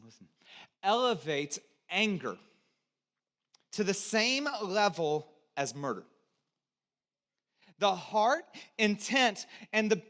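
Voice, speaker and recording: A man preaching a sermon as pastor, talking conversationally to the congregation and swinging between loud emphasis and quiet, low asides. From United States (Texas, California). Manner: conversational, invites congregation to repeat words.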